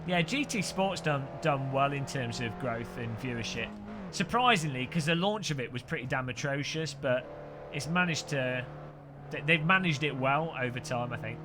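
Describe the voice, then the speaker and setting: A man's voice: medium pitch, expressive, normal speed. A man with a Midlands accent chatting and joking on a live stream while racing. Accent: English Midlands. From English Midlands. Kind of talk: live gaming commentary. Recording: noisy with race car sounds.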